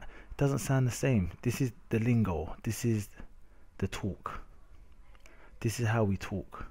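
A man's voice: medium pitch, a little slow, vocal fry, warm tone, breathy edge. A young man with a London accent, ranting casually over game footage with lots of slang and repeated "innit". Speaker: gamer narrating match footage. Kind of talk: casual rant over gameplay video.

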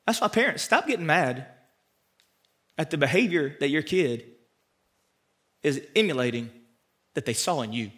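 Man, pastor, sermon, high voice, bright and forceful tone, loud emphatic peaks. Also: expressive, normal speed, pauses often. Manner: preaches with sharp rises to loud emphatic peaks, then drops low and quiet; conversational asides to the congregation.

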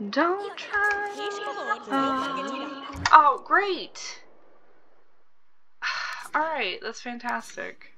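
A woman's voice: sits high, sing-song, drawn-out words, vocal fry, long pauses, sharp tone, a little hiss or hum, poor audio. A woman hosting a game let's play, chatting casually, swearing freely and reacting aloud to what happens on screen. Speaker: gaming channel host.

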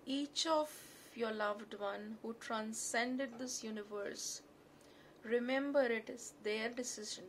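A woman with an Indian English accent gives calm, gently reassuring advice as a therapist, now and then slipping into Hindi. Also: on the high side, unhurried, slight background noise. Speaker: NLP therapist. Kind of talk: spoken advice talk.

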